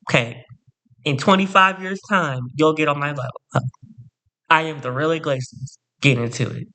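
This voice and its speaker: A man's voice: on the high side, bright, forceful tone, clear, resonant tone. A man ranting to camera in a storytime vlog, sassy, boastful and theatrical, repeating punchy catchphrases. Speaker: vlogger.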